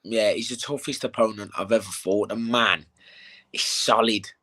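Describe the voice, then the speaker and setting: A young man in a casual interview, telling animated stories with plenty of swearing and "mate.". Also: on the low side, normal speed. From England. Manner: animated storytelling, swears, says "mate" a lot. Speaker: bare-knuckle fighter, interview guest.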